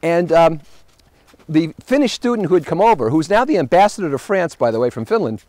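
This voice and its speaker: Male host, high animated voice, wry anecdotal travel monologue, dry close sound. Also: fairly quick, no room sound. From United States. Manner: animated storyteller, wry punchlines.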